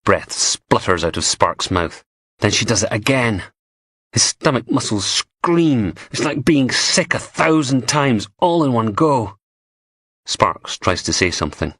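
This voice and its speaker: A man's voice: medium pitch, sing-song, a little slow, a bit bright, husky, no room sound, studio quality. A man narrating a crime audiobook in a gritty, profane, darkly comic manner.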